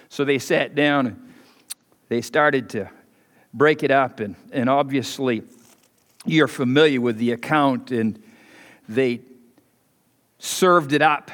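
A man preaching a sermon as pastor, telling folksy stories and leaping higher and louder for emphasis. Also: unhurried, long pauses. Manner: folksy storytelling, swings loud and high for emphasis. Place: church sanctuary. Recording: preached in a hall with long reverb.

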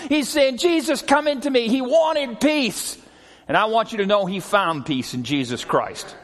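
A middle-aged man preaching a sermon as a pastor, telling stories earnestly and often slowing and dropping his voice for emphasis. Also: high-pitched, animated, fairly bright tone. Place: church sanctuary. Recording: long hall reverb.

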